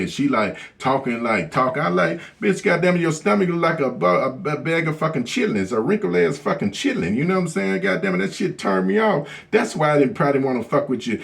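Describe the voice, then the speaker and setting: A man's voice: medium pitch, gravelly. A man telling a story as a profane, blunt rant, cursing constantly and repeating "you know what I'm saying". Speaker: vlogger.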